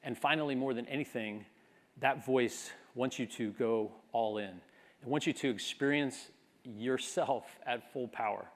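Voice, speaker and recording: A man's voice: medium pitch, unhurried. A man in his fifties giving a graduation speech, earnest and reflective, building to a rousing call. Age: 50s. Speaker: commencement speaker.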